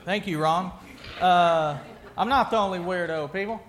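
A man with a notably high voice preaches a sermon. He talks like he is chatting with his congregation, tossing them questions and backing up mid-sentence to rephrase. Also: normal speed, fairly bright tone. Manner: conversational, asks the congregation questions, restarts sentences. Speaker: pastor.

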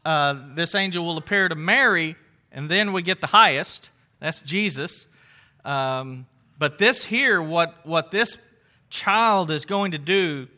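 A man with a high, piercingly bright voice teaches scripture in a conversational sermon. He talks earnestly, leaning on words of wonder, and often stops to restart a phrase or fill a pause. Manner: earnest, with frequent fillers and restarts, emphatic exclamations. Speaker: Bible teacher.

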